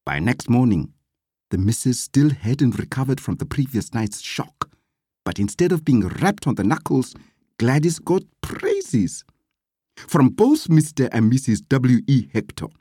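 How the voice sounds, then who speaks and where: Storybook narrator, slow and swooping, husky voice, dry close sound. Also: mid-range voice, no echo. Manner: lively, dramatic storytelling. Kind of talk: storybook reading.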